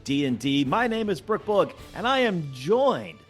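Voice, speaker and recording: A man hosting a game roundtable talks in a lively voice that swoops up and down. He is animated and chatty, with plenty of filler words. Faint music sits behind him. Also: on the high side, normal speed. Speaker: dungeon master and host. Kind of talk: casual roundtable chat.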